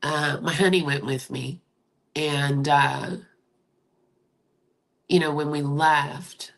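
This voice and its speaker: A woman's voice: low voice, fairly even intonation, slow pace, creaky. A woman hosting a candid livestream chat, talking emotionally and confidingly straight to her viewers. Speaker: livestream host. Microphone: streaming setup.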